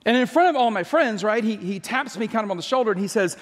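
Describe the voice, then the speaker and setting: High-voiced man telling a joking sermon story. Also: lively intonation, fast, big-room sound. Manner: chatty, joking storyteller with frequent restarts. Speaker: pastor.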